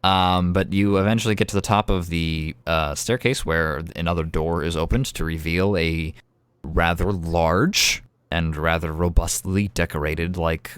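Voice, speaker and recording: Deep-voiced man narrating a tabletop game. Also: fairly even intonation, unhurried, clear, resonant tone, no echo. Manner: casual, many fillers and "like". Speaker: game master.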